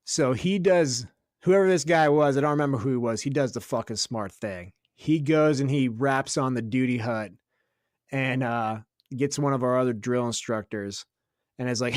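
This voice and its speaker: A man's voice: medium pitch, no room sound, clean studio sound. A young man co-hosting a podcast, telling a story in casual chat, swearing freely and laughing as he goes. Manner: profane, laughing storyteller doing quick voices of others. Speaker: podcast co-host.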